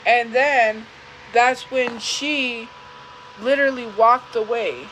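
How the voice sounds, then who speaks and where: A young woman telling a personal story live, speaking earnestly and haltingly and often repeating herself. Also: on the high side, fairly bright tone, a little hiss or hum, low-quality recording. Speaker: livestream host.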